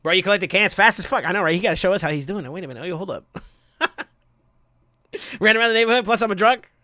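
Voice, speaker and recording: Man, live streamer, excitable, animated high voice, slightly hoarse. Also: fast, dry recording, clean studio sound. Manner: excitable, thanks viewers, bursts into yells and laughs. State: voice going hoarse from yelling. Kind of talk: casual live-stream chat.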